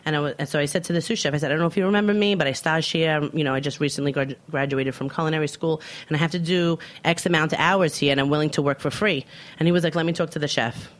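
A woman in her thirties, a chef from Brooklyn, telling stories in a casual interview and acting out the dialogue as she goes. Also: low-pitched. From Brooklyn, New York, USA. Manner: animated storyteller who acts out quoted dialogue. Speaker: chef, guest.

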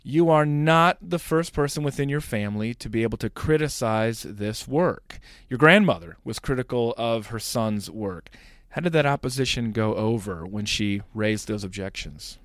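Male podcast host, mid-pitched, reading quotes and interviewing, close dry sound. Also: animated, moderate pace, fairly bright tone, no room sound. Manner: reads quotes, asks questions.

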